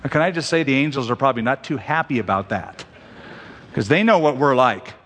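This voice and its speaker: A man's voice: medium pitch, lively intonation, a bit bright. Man preaching in a reverberant hall. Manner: preaching, slows and stretches scripture quotes for emphasis. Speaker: pastor. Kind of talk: sermon.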